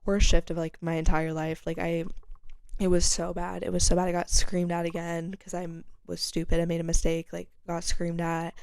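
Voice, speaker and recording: A woman's voice: on the low side, monotone, normal speed, vocal fry, darkish tone, clean tone, no echo, studio quality. A young woman hosting a casual chat podcast, telling a rambling story full of fillers and restarts. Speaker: podcast host.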